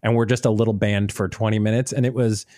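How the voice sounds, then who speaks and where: A man's voice: on the low side, fairly even intonation, fast talker, very noisy. A man co-hosting a podcast in casual chat, joking and rambling. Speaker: podcast co-host.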